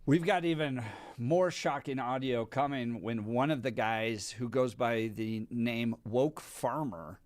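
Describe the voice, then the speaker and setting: A man's voice: medium pitch, dry recording. A man hosting an opinion talk radio show, reading news stories aloud and adding sarcastic comments. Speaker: radio host. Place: radio studio. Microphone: studio microphone.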